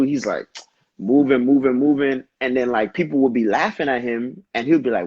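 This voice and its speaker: A young man from Brooklyn, a dancer, talking casually in an interview and telling animated, slangy stories in quick bursts. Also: mid-range voice, breathy edge, dry recording, dull audio. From Brooklyn, New York. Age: young adult. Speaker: dancer, guest.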